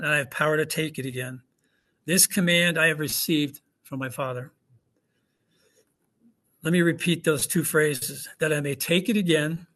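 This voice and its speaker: Pastor preaching in a slightly high voice. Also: male voice, sharp tone. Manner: conversational preaching with rhetorical questions. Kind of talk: sermon. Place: church hall with congregation.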